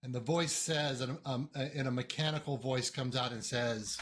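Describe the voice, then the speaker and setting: A game master runs a tabletop game, speaking haltingly with many fillers and restarts. His mid-range voice has fairly even intonation and a fairly bright tone.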